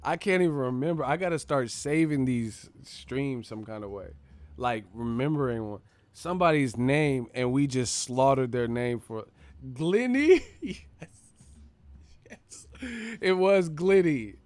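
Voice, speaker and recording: A man's voice: mid-range voice, measured pace, no echo. A man hosting a live stream, chatting in a loose, profane, joking way and laughing often. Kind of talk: casual live-stream chat. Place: streaming setup with several cameras.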